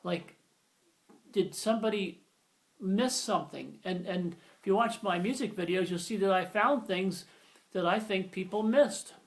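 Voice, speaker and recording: A man's voice: sits high, a little slow. Rambling man in his sixties. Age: 60s. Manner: rambling, self-deprecating, many fillers and restarts. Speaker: video lecturer. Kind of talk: casual spoken lesson.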